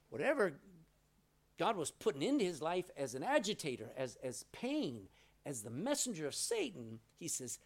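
A man's voice: a little high, wildly swooping pitch, moderate pace. A middle-aged man preaching a sermon, telling stories and acting out quoted lines with changes of voice. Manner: storytelling, acts out quotes with voice changes. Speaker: pastor.

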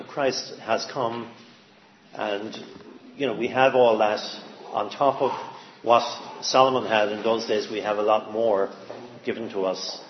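A man giving an informal sermon, halting, with many fillers and restarts as he speaks. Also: on the low side, roomy sound, slight background noise. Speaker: lay preacher. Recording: dull lo-fi sound with faint ambience.

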